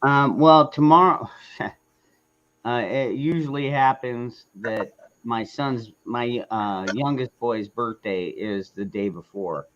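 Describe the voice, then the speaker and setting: A man's voice: mid-range voice, takes it slowly, lo-fi sound. A man from the southern United States chatting casually in a folksy, cussing way. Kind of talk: casual chat.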